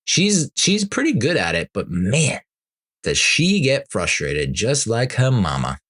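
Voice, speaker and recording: A man's voice: medium pitch, sing-song, measured pace, fairly bright tone. A man hosting a casual solo podcast, rambling through stories with frequent laughs and exasperated asides. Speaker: podcast host.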